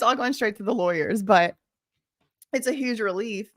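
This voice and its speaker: A young woman hosting a casual livestream, reading out donations in an excitable, gushing way and swinging between chatty and emotional. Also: mid-range voice, normal speed. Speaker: livestream host.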